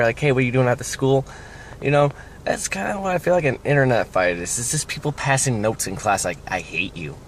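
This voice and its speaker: A man's voice: mid-range voice, fairly bright tone, a little hiss or hum. A young man from the United States ranting casually in a vlog, rambling and sardonic, often trailing off. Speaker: vlogger.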